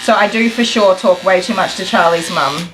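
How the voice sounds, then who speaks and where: Woman in her thirties, chatty groomer talking to a live stream as she works, with electric clippers buzzing clearly in the background. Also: mid-range voice, moderate pace, background noise. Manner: rambling, chatty, talks to viewers while grooming. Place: grooming salon. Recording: clipper buzz behind the voice.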